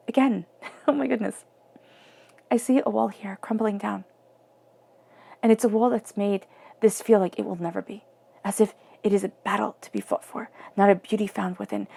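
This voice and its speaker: Speaking in a warm, gravelly, mid-pitched female voice, an earnest tarot reader delivers her reading intimately. She frequently lowers herself to a gentle near-whisper.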